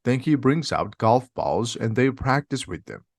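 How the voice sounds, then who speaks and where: A man narrating a simplified audiobook in a slow, plain, steady reading. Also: mid-range voice, no echo, studio quality. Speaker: reader.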